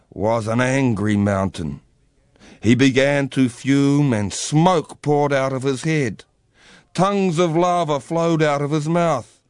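Slow dramatic male storyteller. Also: fairly high pitch, clean tone, no room sound, clean studio sound. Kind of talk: storybook narration.

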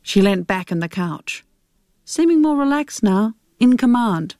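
A woman reading a short story aloud as narrator, in a measured, steady way. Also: medium pitch, no echo, studio quality.

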